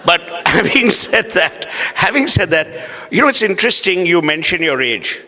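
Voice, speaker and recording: A man's voice: sits high, big pitch swings, normal speed, bright, forceful tone. A man, moderating an on-stage interview in a playful, sarcastic way. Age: 60s. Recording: echoey hall.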